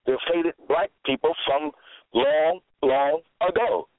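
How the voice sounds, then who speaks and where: A man's voice: on the high side, slow pace, slight background noise. A man preaching a sermon, exhorting and scolding his listeners and repeating his phrases. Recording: tinny phone-like, dry sound.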